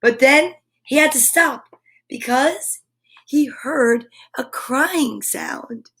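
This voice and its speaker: A woman reading a children's picture book aloud on a livestream, gentle and enthusiastic, often dropping to a whisper. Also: high-pitched, very slow. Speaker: storyteller.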